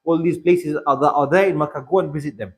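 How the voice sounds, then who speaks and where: A man's voice: fairly high pitch, fast talker, breathy edge. A man with a British English accent teaching a religious workshop in a mosque, earnestly urging his listeners and repeating points for emphasis. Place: mosque hall.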